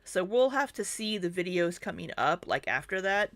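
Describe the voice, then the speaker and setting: A woman's voice: fairly low pitch, big pitch swings, normal speed, dry recording. A woman hosting a reaction commentary, chatting about clips and often breaking into laughter. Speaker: commentary channel host.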